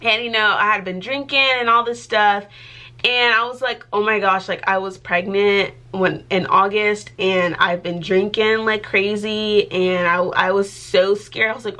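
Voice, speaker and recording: A woman's voice: mid-range voice, steady tone, unhurried, pushed and bright. A young adult woman talking casually to her vlog audience, chatty and giggly, with lots of filler words. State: pregnant. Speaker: vlogger.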